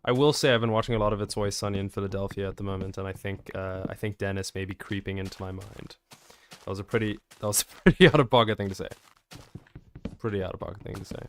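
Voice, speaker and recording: A man's voice: fairly low pitch, fairly even intonation, quick pace, a little hiss or hum. A man streaming a building game live, chatty and joking as he reacts to viewer messages. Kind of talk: live gameplay stream, answering chat.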